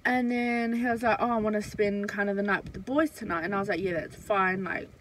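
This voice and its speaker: A woman's voice: mid-range voice, fairly even intonation, brisk, a bit bright, slight background noise, rough recording. Chatty young woman telling a story. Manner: chatty, full of fillers and swearing. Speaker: vlogger. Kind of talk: casual storytime chat.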